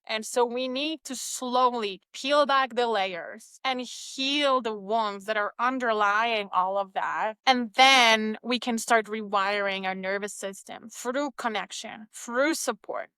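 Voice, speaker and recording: Woman, solo podcast host, motivational and emphatic, bright and crisp, dry close sound. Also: a little high, dry recording.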